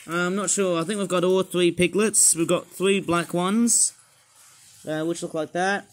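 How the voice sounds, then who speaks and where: A man reviewing toys in a casual, rambling and excitable way, his voice slightly croaky from a sore throat. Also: high-pitched, unhurried. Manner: rambling, excitable, full of asides and fillers. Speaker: toy reviewer.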